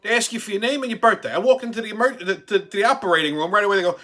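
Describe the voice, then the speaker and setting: Racing and animated, a brash host in his forties acts out the quotes in a crude comedic monologue full of constant swearing. His voice is high, pushed, and bright.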